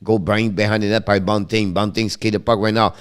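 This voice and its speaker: A man with a French accent calls a hockey game play by play for a live stream, tracking each pass in quick, broken English. His voice sits low. It stays smooth and clear. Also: flat delivery. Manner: rapid running commentary in broken English, names each pass. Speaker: play-by-play commentator and stream host.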